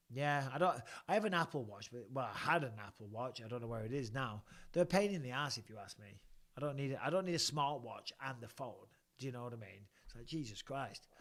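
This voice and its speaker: A man in his forties hosting a casual live-stream chat, answering fan questions bluntly, swearing freely and rambling. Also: mid-range voice.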